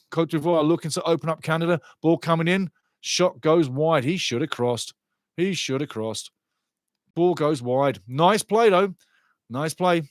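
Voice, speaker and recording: A man commentating live on a soccer match for a watchalong stream, excitable and sarcastic, often repeating his phrases. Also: on the high side, no room sound, clean studio sound.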